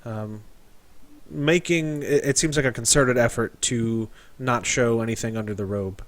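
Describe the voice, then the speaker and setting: A man narrating a tabletop game as game master, describing scenes in a loose, halting way. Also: mid-range voice, no echo.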